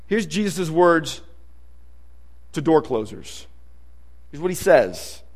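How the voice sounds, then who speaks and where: A man's voice: on the high side, very animated, slow, a little mellow. A male pastor preaching a sermon in a conversational, emphatic way, reading scripture aloud as he goes.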